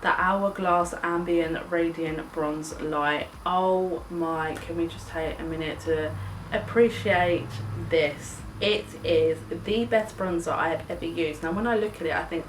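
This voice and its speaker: A woman's voice: fairly low pitch, steady tone, unhurried, distant mic. Gushing woman in an echoey room. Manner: gushing, chatty, swears casually. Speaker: beauty vlogger. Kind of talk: casual makeup chat. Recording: echoey room, mic set back, faint hiss.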